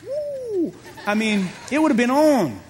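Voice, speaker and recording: A man with a high voice preaches a sermon in a church, retelling a story with animated energy and frequent repetitions. His voice rings out with a long hall reverb behind it. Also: a little fast, crowd noise. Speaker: pastor.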